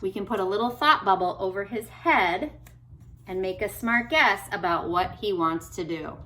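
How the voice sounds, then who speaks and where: A woman speech therapist reading a picture book aloud to children, gentle and encouraging, stopping to ask questions. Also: mid-range voice, moderate pace. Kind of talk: read-aloud lesson for kids.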